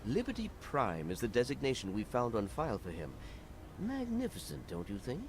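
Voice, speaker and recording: A composed male game character who speaks formally and evenly, his pitch rising and falling in a lively way. The game audio carries a steady hiss of background noise underneath. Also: creaky. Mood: calm. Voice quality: formal, measured delivery. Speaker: non-player character.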